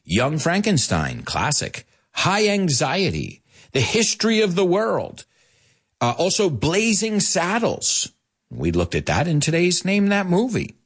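A man's voice: sits high, wildly swooping pitch, a little slow, a bit bright, breathy edge. A middle-aged man hosting a casual show, playful and laughing often, explaining English words with Spanish glosses. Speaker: show host teaching English. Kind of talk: casual bilingual radio-style show.

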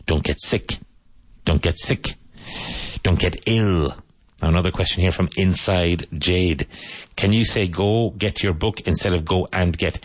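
A low-voiced man with a Cork Irish accent leads an English lesson for Spanish speakers. He repeats each model phrase slowly and deliberately. The recording is dry and close. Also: dry recording. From Ireland (Cork). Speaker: English teacher.

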